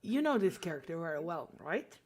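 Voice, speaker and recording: A woman's voice: on the low side, very animated, brisk. A woman from Sweden chatting casually on a livestream while she draws. She swears freely and laughs often. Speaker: streamer.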